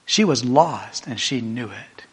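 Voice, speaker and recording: A man preaching a sermon, telling a story emphatically and swinging from a hushed voice to a raised one. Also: mid-range voice, lively intonation, measured pace, husky.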